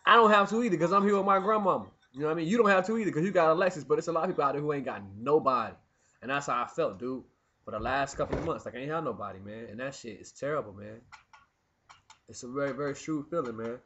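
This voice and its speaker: A young adult man in a rambling, profane monologue, swinging from low muttering to loud preachy outbursts. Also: quick pace, highs cut off, slight background noise. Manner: profane, peppered with "man" and "you know what I mean". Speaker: vlogger. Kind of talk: rambling personal monologue to camera. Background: music playing.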